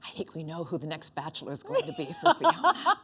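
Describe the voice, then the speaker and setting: A woman hosting a talk show, teasing her guest with quick playful asides. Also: on the low side, huge pitch swings, fairly bright tone, a little hiss or hum. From Northern Ontario, Canada. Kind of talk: casual chat.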